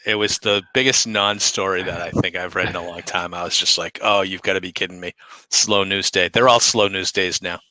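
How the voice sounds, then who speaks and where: A man from Boston with a Boston accent, co-hosting a podcast in casual chat, wry and quick to laugh. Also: deep voice, steady tone, pushed and bright, no echo, poor audio. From Boston, USA. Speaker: podcast co-host.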